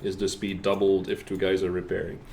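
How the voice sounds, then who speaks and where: A man's voice: sits low, flat delivery, brisk, vocal fry, darkish tone, slight background noise. A man with a French Canadian accent hosting a developer stream, joking and asking questions in a casual chat. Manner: joking, laughs often. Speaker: stream host.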